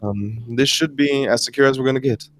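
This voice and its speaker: A man's voice: medium pitch, brisk, lightly acted. A man voicing a composed woman commander in a war room, speaking in a polite, businesslike way. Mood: calm.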